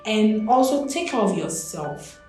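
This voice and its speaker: A young woman with a Ghanaian accent telling a personal story as an interview guest, animated and expressive. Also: medium pitch, measured pace, very echoey, soft background music. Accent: Ghanaian English.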